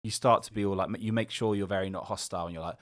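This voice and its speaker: A man with a low voice talks fast and loosely on a podcast, piling up fillers, restarts and the odd curse as he retells a story. The sound is dry and close, with no room around it. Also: no echo. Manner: rambling, animated retelling with frequent fillers and swearing. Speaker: podcast co-host. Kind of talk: casual chat.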